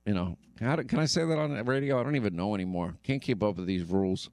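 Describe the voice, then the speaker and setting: A man's voice: fairly low pitch, fast, darkish tone, dry recording. A male radio talk show host giving emphatic commentary and often repeating himself.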